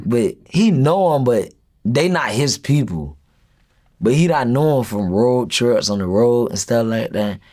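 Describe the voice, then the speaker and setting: A young man tells a story in a casual interview, and his voice swings widely up and down as he acts out each quoted line. He talks in a loose, lively way at a middle pitch. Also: slow. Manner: animated retelling, acts out quoted dialogue. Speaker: rapper being interviewed.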